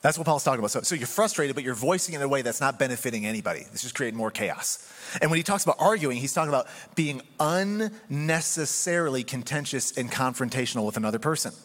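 A man giving a sermon as pastor, talking in a conversational, animated way. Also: medium pitch, fast, big-room sound.

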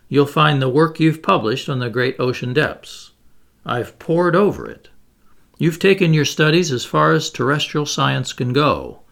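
A man voicing a stern, reclusive submarine captain who speaks in a cold, measured, commanding way. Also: medium pitch, vocal fry, fairly bright tone, full character voice.

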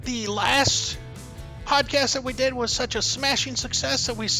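A man's voice: very high-pitched, steady tone, normal speed, pushed and bright, soft background music, poor audio. A man hosting a podcast, leading a casual political discussion in a wry, conversational manner. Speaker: podcast host.

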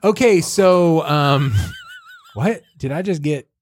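A man's voice: fairly high pitch, animated, slow pace. A man hosting a podcast, recapping a movie in casual chat, rambling with lots of fillers and laughs. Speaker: podcast host.

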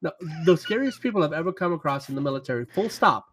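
Joking man, fairly high voice. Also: sing-song, a little fast, few pauses. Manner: laughing, joking banter. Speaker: podcast co-host. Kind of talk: casual podcast chat.

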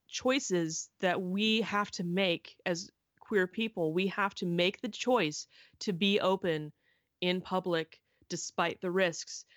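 A woman's voice: on the low side, slow, dry recording, clean studio sound. A woman in casual chat, speaking earnestly and with firm opinions.

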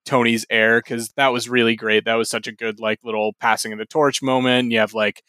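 Casting: mid-pitched man, smooth, resonant voice, dry close mic, thoughtful talk. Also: level tone, brisk, sharp tone, no room sound. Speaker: podcast co-host. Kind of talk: casual chat.

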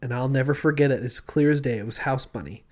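A young man co-hosting a podcast, telling stories in a loose, animated way, laughing often and acting out voices. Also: medium pitch, quick pace. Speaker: podcast co-host. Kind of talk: casual chat.

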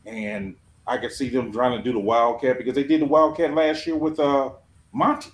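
A man guesting on a sports podcast, talking in an animated, slangy, casual way, recorded in a roomy space with faint background noise. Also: medium pitch, moderate pace.

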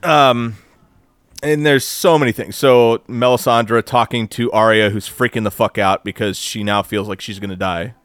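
A man co-hosting a podcast in casual chat, animated and profane, mocking others in quoted voices. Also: mid-range voice, normal speed, clean tone, no echo. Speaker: podcast co-host.

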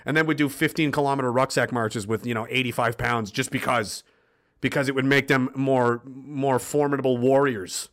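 A man's voice: medium pitch, steady tone, moderate pace, a bit bright. A man hosting a livestream, reading viewer comments and ranting in a blunt, swearing, impassioned way. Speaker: livestream host reading chat. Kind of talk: profane political rant to viewers.

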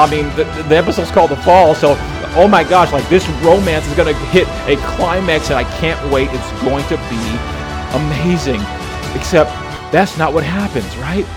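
A man's voice: fairly high pitch, normal speed. A man preaching a conversational sermon, playful and storytelling, calling his listeners "folks". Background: music.

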